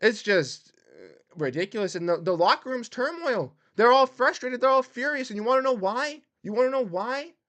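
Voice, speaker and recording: A man hosting a sports livestream, ranting heatedly and swinging between loud outbursts and muttered exasperation. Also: very high voice, expressive, moderate pace, dry recording. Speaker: sports podcast host. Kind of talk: livestream rant.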